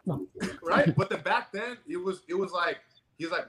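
High-energy man with a bright voice. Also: moderate pace, rough recording. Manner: high-energy, animated, swears often. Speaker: stand-up comedian. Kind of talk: casual chat.

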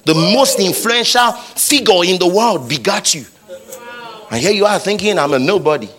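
Impassioned Nigerian preacher, bright and lively. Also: male voice, high voice, normal speed. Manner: impassioned preaching, building to shouted repetitions. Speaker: pastor. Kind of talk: sermon.

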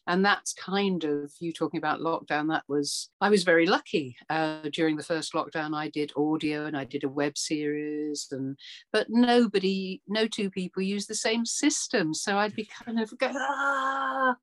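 An actress chatting casually, telling animated stories and acting out what people said. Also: female voice, low-pitched, normal speed. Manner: animated storyteller, acts out quotes, laughs often. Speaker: actor. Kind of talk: casual chat.

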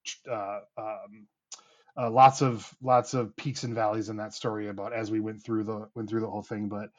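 A man's voice: fairly low pitch, flat delivery, moderate pace. Rambling father chatting on a podcast. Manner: rambling, many restarts and fillers. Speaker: podcast host. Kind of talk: casual chat.

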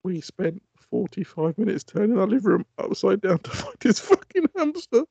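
A man telling casual, animated stories on a podcast, swearing and laughing often. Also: sits high, brisk, gravelly, breathy edge, no echo, muffled recording. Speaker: podcast co-host. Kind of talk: casual chat.

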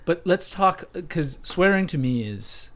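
A man co-hosting a podcast, talking about parenting in animated casual banter, muttering asides and acting out quotes. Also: fairly high pitch, measured pace. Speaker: podcast co-host.

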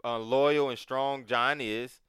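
A man in casual chat, talking in an animated, profane way and acting out quotes. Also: medium pitch, takes it slowly, smooth, no echo, studio quality.

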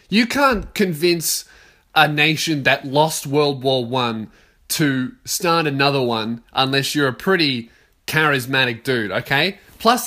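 A man's voice: fairly high pitch, fairly bright tone. A young man hosting a casual solo podcast, rambling and swearing, laughing at his own jokes. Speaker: podcast host.

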